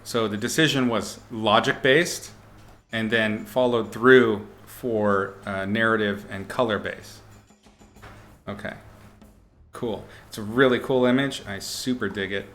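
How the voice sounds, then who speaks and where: A man's voice: fairly low pitch, a little slow, fairly bright tone, soft background music. A man teaching art on a livestream, giving casual critiques in a playful, upbeat way with mock-brutal jokes. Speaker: art instructor streaming.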